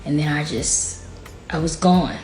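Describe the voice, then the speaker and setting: Speaking in a low, steady, slightly mellow voice at a measured pace, a woman recounts a painful personal experience as a podcast guest. Her manner is frank and casual, full of "like," and emotion sometimes brings her near tears. The studio is echoey, with faint music.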